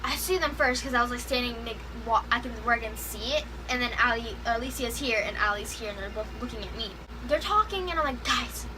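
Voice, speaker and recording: A young woman telling an excited concert story in a vlog, gushing and filling her talk with "like" as she acts out what people said. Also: a little high, fast, few pauses, noisy background. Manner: gushing, heavy use of "like", acts out quotes. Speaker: concert fan vlogger. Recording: music playing clearly behind her.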